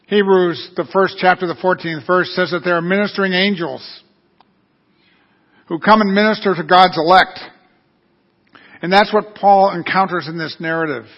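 Male preacher giving a sermon, kinda high voice, dull lo-fi recording. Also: fairly even intonation, normal speed, pauses often. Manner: storytelling, earnest.

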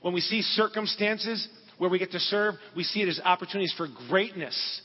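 A man's voice: high voice, steady tone, a little fast. Earnest man preaching in a big hall. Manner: earnest, conversational storytelling with asides to the audience. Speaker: pastor. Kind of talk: sermon with storytelling. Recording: dull recording in a large reverberant hall.

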